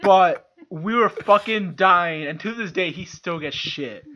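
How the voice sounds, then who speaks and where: A man's voice: sits high, a little slow, sharp tone, slight background noise. A man co-hosting a podcast, telling stories in casual chat, swearing freely and laughing as he goes. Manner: profane, laughs through his stories. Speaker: podcast co-host. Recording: dull lo-fi podcast audio.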